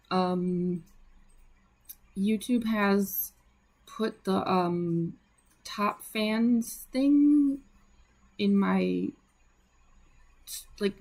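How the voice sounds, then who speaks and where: Chatty young woman, gravelly edge. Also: medium pitch, a little mellow. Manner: chatty, lots of fillers and laughs, greets viewers. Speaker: livestreaming artist. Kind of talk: casual livestream chat.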